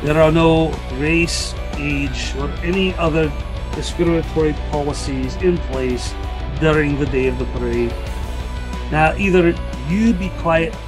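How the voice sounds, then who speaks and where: A man playing a gruff armored holy warrior. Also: fairly high pitch, measured pace, over music, lightly acted. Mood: stern. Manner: gruff, threatening.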